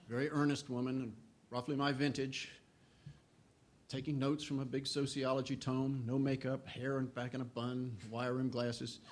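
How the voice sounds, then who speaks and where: Throat-clearing older man telling anecdotes. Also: mid-range voice. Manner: humorous anecdotal, acts out quoted voices. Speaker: historian giving a talk. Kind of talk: storytelling lecture.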